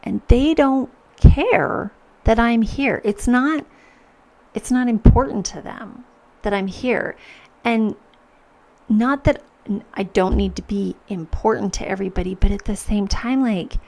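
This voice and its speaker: A woman's voice: mid-range voice, unhurried, vocal fry, darkish tone. A woman hosting a podcast, speaking earnestly in a reflective personal monologue, with many restarts as she acts out her own thoughts. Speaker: podcast host.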